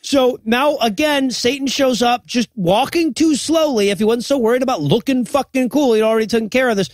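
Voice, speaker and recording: Man, high voice, podcast co-host, profane animated movie recap, dry close sound. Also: fairly quick, no room sound. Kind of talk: comedic movie recap chat.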